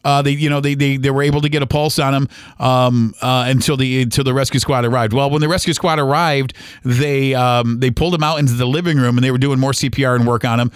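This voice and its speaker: A man in his forties, a podcast host telling a personal story in an earnest, halting way with many fillers and restarts. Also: medium pitch, fairly even intonation, clear, resonant tone, no room sound, studio quality. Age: 40s.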